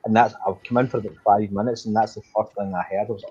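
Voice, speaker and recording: A husky-voiced man chats on a stream panel, his sound a bit dull and muffled. He trades dry, mocking jabs and swears now and then. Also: lowish voice, little pitch movement, fast talker, mellow. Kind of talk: casual chat.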